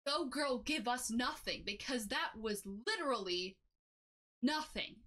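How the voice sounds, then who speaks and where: A young woman giving a sarcastic, exasperated reaction commentary, jumping up in pitch to make her points. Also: sharp tone. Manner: sarcastic, exasperated, swings high for emphasis. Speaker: commentary YouTuber. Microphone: home mic with noise suppression.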